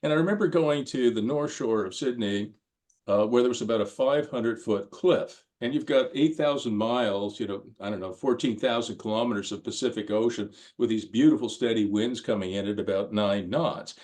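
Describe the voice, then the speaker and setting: A man's voice: fairly low pitch, moderate pace, darkish tone. An older man giving a course lecture in a conversational, anecdotal way, with frequent ums and restarts as he tells stories.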